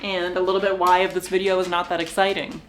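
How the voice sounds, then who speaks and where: Her voice is lowish and level in tone, and she talks fast, with slight background noise behind her. A young woman vlogging from her kitchen floor at home, she rambles casually to the camera, sighs now and then, laughs, and talks to her dogs.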